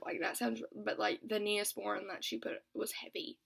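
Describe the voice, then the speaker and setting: A woman's voice: mid-range voice, steady tone, fairly quick, creaky, hardly any pauses. A young woman telling a storytime vlog in a chatty way, filling almost every phrase with "like". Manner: chatty, says "like" constantly. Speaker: vlogger.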